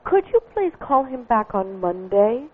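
Firm English receptionist on a tinny phone line. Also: female voice, a little high, sing-song, a little slow, husky. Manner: polite but firm, curt. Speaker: hotel receptionist.

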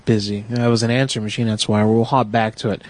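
A man's voice: on the low side, flat delivery, fast, darkish tone. A man hosting a casual talk radio show, sick and rambling through profane stories. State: sick, congested.

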